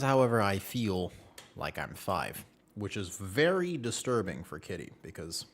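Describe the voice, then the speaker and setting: A man in his twenties with a lowish voice that swings up and down a lot. He chats loosely with his stream viewers, rambling and joking as he plays. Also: a bit bright. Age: 20s. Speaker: game streamer. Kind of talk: casual live-stream chat.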